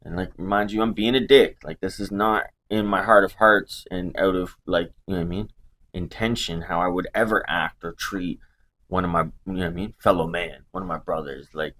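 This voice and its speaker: Give me a low-voiced coach telling a story, casual and profane. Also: male voice, fairly even intonation, moderate pace, fairly bright tone, slight background noise. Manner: casual, heavy swearing, lots of "like" fillers. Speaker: life coach. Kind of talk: personal storytelling monologue.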